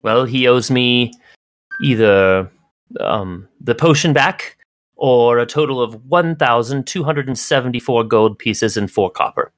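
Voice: medium pitch, a little slow, dry recording, close to an everyday voice. A game master voicing a vain young woman alchemist who speaks grandly and accusingly. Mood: imperious. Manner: imperious, grand, formal.

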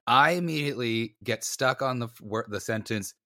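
A podcast co-host with a mid-range voice tells a story in casual chat at a normal speed. He is animated and self-mocking, acting out the voices of the people in his anecdote. The recording is dry and clean, studio-made.

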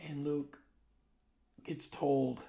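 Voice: mid-range voice, level tone, very slow, a little mellow. A vlogger in their forties talking casually to the camera in a rambling, loose way, trailing off and correcting themself. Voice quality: very gravelly, creaky voice.

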